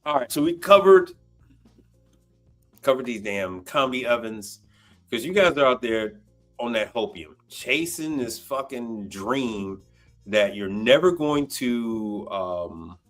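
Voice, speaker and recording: A man hosting a livestream, ranting bluntly and cursing freely as he goes. His mid-pitched voice swings up and down a great deal, with faint music underneath. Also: slow. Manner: animated, blunt, swearing. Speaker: livestream host. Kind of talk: casual profane rant.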